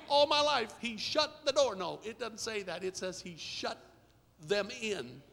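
A middle-aged male pastor preaching a sermon, leading call-and-response and swinging from hushed asides to shouting. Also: sits high, lively intonation, fairly quick, vocal fry, big-room sound. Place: church sanctuary.

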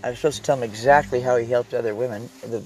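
A man's voice: medium pitch, steady tone, racing, low-quality recording. Rambling, raw-voiced man vlogging. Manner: rambling, raw and heartfelt, trailing off mid-thought. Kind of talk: casual vlog monologue. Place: inside a vehicle he lives in.

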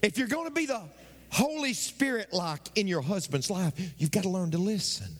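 Male pastor, sermon, high voice with wide swings, long echo of a church hall. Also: animated, moderate pace. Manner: impassioned preaching, voice climbing high and near shouting.

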